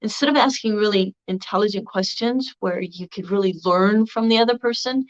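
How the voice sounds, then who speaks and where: A woman video blogger records a casual video response, rambling and meandering with a slightly crackly voice. Her medium-pitched speech is fairly quick with few pauses, in a dull lo-fi recording.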